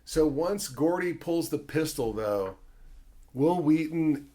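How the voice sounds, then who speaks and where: A man hosting a podcast, chatting casually and excitedly about a film, rambling with restarts and frequent swearing. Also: fairly high pitch, takes it slowly. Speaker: podcast host.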